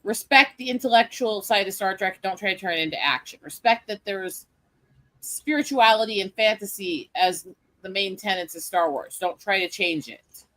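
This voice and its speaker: Blunt swearing woman streamer, bright voice, chatting away. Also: mid-range voice, moderate pace. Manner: blunt, opinionated, swears freely. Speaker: stream host. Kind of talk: casual stream chat.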